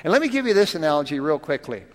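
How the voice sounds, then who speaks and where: A man's voice: fairly high pitch, big pitch swings, rapid-fire, in a large hall. A pastor preaching a sermon in a conversational way, often asking his listeners rhetorical questions.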